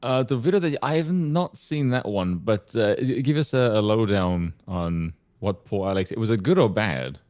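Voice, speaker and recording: This is a man from South Africa chatting as a guest on a live stream. His voice is low and sits close and dry on the microphone. He tells his story in a wry, dry way. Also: expressive, moderate pace, hardly any pauses, darkish tone, no echo. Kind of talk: casual live-stream chat.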